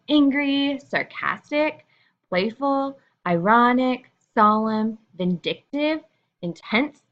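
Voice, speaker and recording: A woman's voice: lowish voice, a bit bright, lo-fi sound. A woman teacher explaining a lesson to her students in a casual, chatty way, with frequent fillers.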